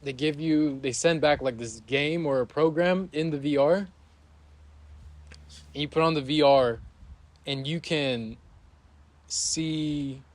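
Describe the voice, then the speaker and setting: A man's voice: a little high, slow, long pauses. Young man chatting on a podcast. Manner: animated storyteller who acts out scenes with loud shouts. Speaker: podcast host. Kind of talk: casual chat.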